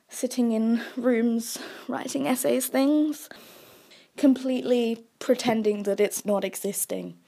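A young woman hosting a solo podcast, chatty and self-mocking, dropping into soft asides. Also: a little high. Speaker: podcast host.

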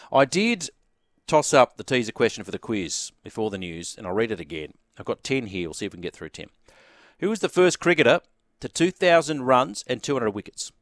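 A jovial Australian man hosts a cricket quiz on sports radio. His voice sits in a middle pitch range and comes through close and dry, with no room sound. He keeps the talk light and chatty between callers. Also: no room sound. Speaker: radio host.

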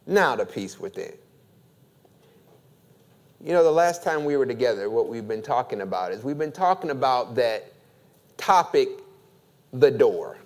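Pastor type, male, preaches slowly with a lively, rising and falling delivery. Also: medium pitch. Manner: slow, deliberate preaching with call-and-response. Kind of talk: sermon.

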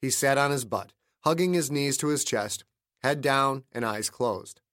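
A man narrating a thriller audiobook he wrote, in a steady, measured storytelling manner. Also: medium pitch, no room sound, clean studio sound. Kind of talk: scripted narration.

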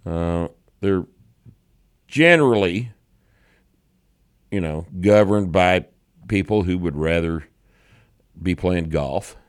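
Deep-voiced blunt man, dry studio sound. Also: slow pace, pauses often, clean tone, no room sound. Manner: blunt, opinionated, profane. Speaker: show host. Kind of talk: casual podcast chat.

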